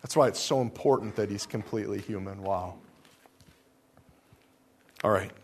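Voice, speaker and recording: A man preaching a sermon, asking the congregation rhetorical questions and swinging between soft, slow lines and loud ones. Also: on the low side, husky. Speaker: pastor.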